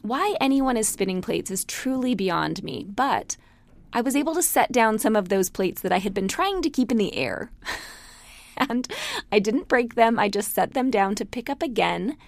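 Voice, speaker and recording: Chatty woman with a gravelly edge. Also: a little high, lively intonation, moderate pace, no echo. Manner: chatty, storytelling, laughs often. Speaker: class instructor. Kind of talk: casual spoken lecture.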